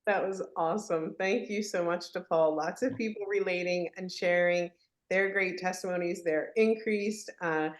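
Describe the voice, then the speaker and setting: Effusive woman host, lowish voice. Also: normal speed. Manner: enthusiastic, effusive praise. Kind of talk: hosting an online training call.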